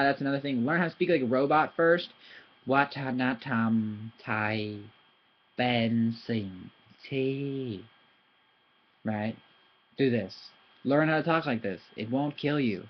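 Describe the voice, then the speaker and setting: A man who speaks English natively, teaching Thai pronunciation in a casual video lesson, talking in an animated, chatty way and slowly spelling out syllables. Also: medium pitch. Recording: slightly dull lo-fi recording.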